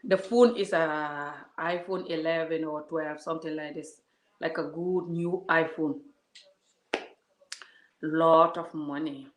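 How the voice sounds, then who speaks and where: A woman's voice: sits low, steady tone, slow. A woman vlogger ranting to her viewers in a heated, scolding way, talking straight at them. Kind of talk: casual vlog rant to viewers. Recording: roomy echo.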